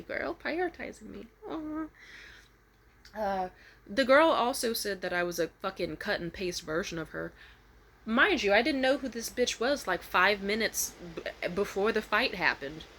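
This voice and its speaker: A young woman vlogging a casual storytime rant, swearing freely and switching to high, loud voices when she quotes people. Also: unhurried, a little hiss or hum. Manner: animated, profane, jumps into high voices when quoting.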